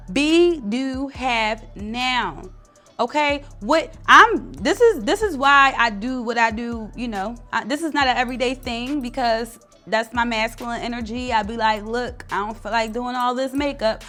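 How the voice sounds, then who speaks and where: A woman's voice: on the high side, a bit bright. A woman giving casual motivational talk to camera, blunt and slangy, with lots of emphatic stress. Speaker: spiritual content creator.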